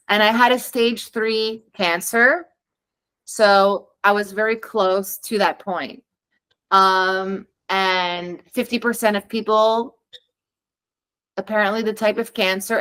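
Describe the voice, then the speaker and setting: A woman guest on a podcast tells her own story, chatting candidly and acting out the lines she quotes. Her mid-range voice is slightly bright, and the audio quality is poor.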